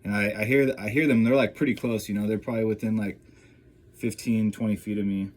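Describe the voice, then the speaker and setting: A man with a somewhat low voice tells a story from his own life in a loose, rambling vlog style. He leans on fillers and keeps tossing in quick check-ins to the listener. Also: steady tone, a little mellow. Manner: rambling, filler-heavy, keeps checking in with "right?" and "you know?". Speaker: vlogger. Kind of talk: casual first-person storytelling.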